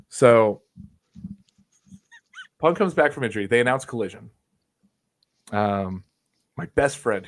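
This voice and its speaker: A young man telling a long, profane, rambling wrestling story as a podcast guest. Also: fairly low pitch. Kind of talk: casual chat.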